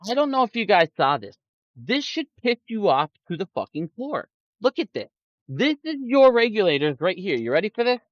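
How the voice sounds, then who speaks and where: Here a stock market streamer, a man with a lively pitch, fills his livestream commentary with angry ranting and frequent swearing. Quoted people get mocked in put-on voices, and the dull, lo-fi recording is dry with no echo.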